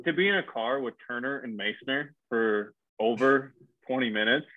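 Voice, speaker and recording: A young man in casual chat, telling stories in a dry, deadpan way. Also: mid-range voice, moderate pace. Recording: tinny phone-like line.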